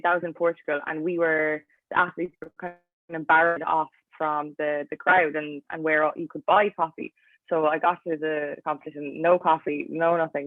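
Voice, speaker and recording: Over a tinny, dry line that sounds like a phone, a low-voiced Irish athlete in her twenties chats casually as an interview guest. There's no echo, and "like" turns up in almost every phrase she says.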